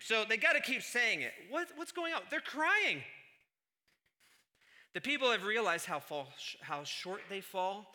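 A male pastor delivers a sermon in a very bright, somewhat high voice. He drops to hushed asides and then climbs into loud, punchy emphasis. The preaching is animated and direct. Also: unhurried.

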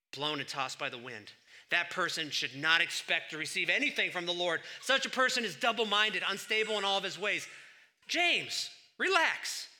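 A middle-aged man preaching a sermon, swinging between loud emphatic bursts and quiet asides. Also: high voice. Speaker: pastor.

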